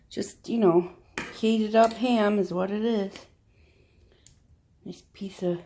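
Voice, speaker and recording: A woman chatting casually through a home vlog, talking to her pets in a high baby voice now and then. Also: mellow, slight background noise. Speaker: vlogger. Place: house, indoors.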